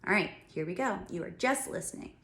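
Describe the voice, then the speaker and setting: A woman's voice: medium pitch, expressive, a little fast, fairly bright tone, roomy sound. A woman teaching a music lesson to young children, talking and singing patiently and explaining each step. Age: adult.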